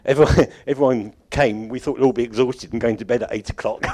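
At a church conference, a man serving as organiser gives the congregation an informal, rambling closing address. His voice is medium-pitched and dark in tone, and he talks briskly with few pauses, chuckling often and repeatedly correcting himself.

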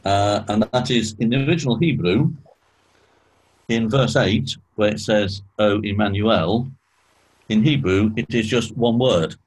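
A man teaching a small group in an informal Bible study, explaining slowly and asking questions, clearing his throat often. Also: lowish voice, poor audio.

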